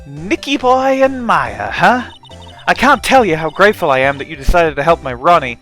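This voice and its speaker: A man's voice: a little high, big pitch swings, normal speed, a bit bright, faint music behind. A man voicing a stuck-up adult woman in a fan game dub, with a haughty, vaguely disgusted drawl.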